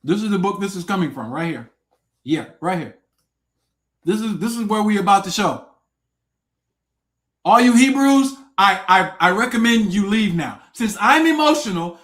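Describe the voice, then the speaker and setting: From behind a desk mic, a high-voiced livestream host goes on a confrontational tirade, loud, foul-mouthed and taunting. His volume jumps from shouts down to mutters as he dares his viewers to come on and debate.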